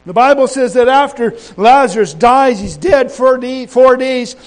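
A man with a high-pitched voice preaches a sermon. He rambles in a folksy way, trips over his words and restarts, then swells into loud, emphatic declarations. His delivery mixes homely asides with bold exhortation. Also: a little slow, rough recording.

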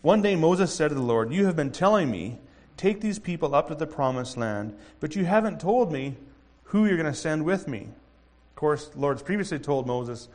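A man in his thirties preaching a conversational sermon, animated and acting out quoted voices. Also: fairly high pitch, moderate pace. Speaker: pastor.

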